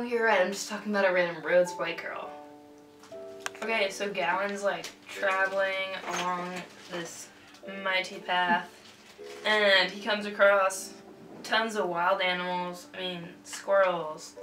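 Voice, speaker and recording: A woman's voice: mid-range voice, recorded from a distance. Rambling young woman, roomy off-mic sound. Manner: rambling, slangy, many fillers and restarts. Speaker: drunk storyteller. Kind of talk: slangy comedic retelling. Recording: roomy, from off-mic, faint music.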